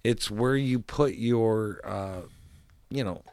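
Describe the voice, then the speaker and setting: A man's voice: fairly low pitch, slow, a little mellow, no echo. A man hosting a podcast in casual chat, rambling and laughing often as he talks.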